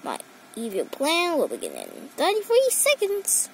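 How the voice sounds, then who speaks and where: A woman's voice: sits high, wildly swooping pitch, measured pace, gravelly, a little hiss or hum, full character voice, poor audio. A woman voicing a scheming male villain cat in a homemade story, gloating over his plan.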